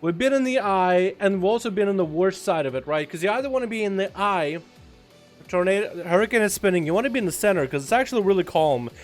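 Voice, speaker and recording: High-voiced, profane game streamer. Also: male voice, fast. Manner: loose, profane, animated storytelling. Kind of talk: casual livestream chat. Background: faint background music.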